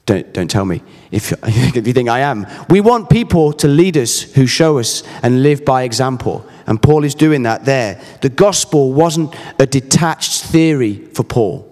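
A man's voice: medium pitch, lively intonation, unhurried, few pauses, darkish tone, big-room sound. A man in his thirties preaching a sermon, earnest and emphatic, mixing scripture with personal stories. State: briefly emotional.

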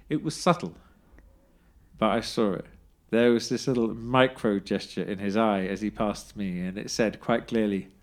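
A man telling a funny personal story in a wry, self-deprecating way, swearing freely. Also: mid-range voice. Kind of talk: anecdotal storytelling, casual.

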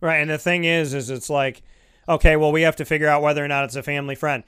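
A man hosting a sports talk show, arguing his views in an animated, rambling way with lots of restarts and "you know". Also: a little high, fast, smooth, dry recording, clean studio sound. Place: home studio. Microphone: studio microphone.

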